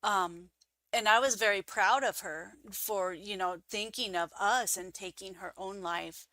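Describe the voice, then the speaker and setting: A woman who is a guest on an interview show, telling her stories casually and acting out the quoted voices with big jumps in pitch. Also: a little slow, sharp tone, dry recording.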